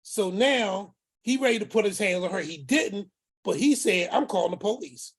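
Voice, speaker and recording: A man's voice: high voice, animated, normal speed, husky. A man telling a family story as the uncle in it, acting out each person's words and repeating phrases for emphasis. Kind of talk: storytelling talk.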